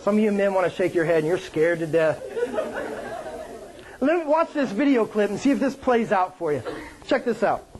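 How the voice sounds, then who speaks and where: A male pastor preaching a sermon, with joking, animated storytelling and playful put-on voices. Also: high-pitched, normal speed, pauses often, some chatter behind, a little hiss or hum, poor audio.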